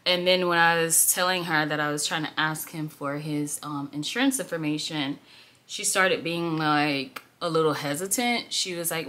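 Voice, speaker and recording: This beauty vlogger in her twenties speaks a little slowly, her low voice fairly even in intonation yet pushed and bright. Doing her makeup, she rambles chattily through a get-ready-with-me storytime, saying "like" constantly.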